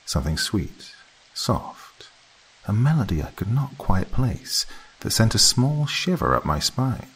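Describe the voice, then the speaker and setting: Deep husky male horror narrator. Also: big pitch swings, normal speed, fairly bright tone, low-quality recording. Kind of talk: scripted narration.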